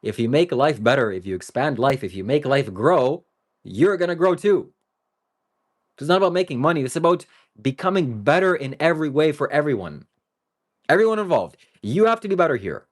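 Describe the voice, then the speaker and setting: A man live-streams to his viewers in a loose, rambling monologue. His pitch moves a lot and his tone swings between joking and earnest. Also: very animated, a little fast. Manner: talks straight to viewers. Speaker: livestreamer.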